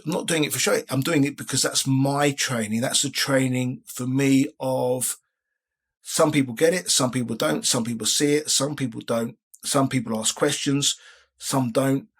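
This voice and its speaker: A man's voice: medium pitch, a bit bright, slightly rough. A man around sixty, a guest in a casual interview, talking in a rambling way with many restarts. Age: 60s. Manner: rambling, frequent restarts and filler phrases.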